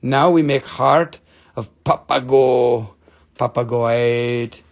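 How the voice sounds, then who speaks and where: A man's voice: mid-range voice, slow. A man putting on a haggling broken-English gem dealer. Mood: playful haggling. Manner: broken English, teasing sales patter.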